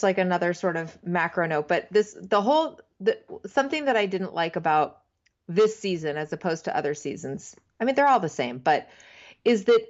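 A woman's voice: medium pitch, muffled recording. A woman co-hosting a casual chat, wry and rambling. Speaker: podcast co-host.

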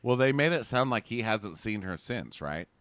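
A man's voice: on the low side, expressive, moderate pace, fairly bright tone, dry recording. A man co-hosting a casual podcast chat, sarcastic, acting out quotes in mocking voices. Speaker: podcast co-host. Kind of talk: casual chat recapping a TV show.

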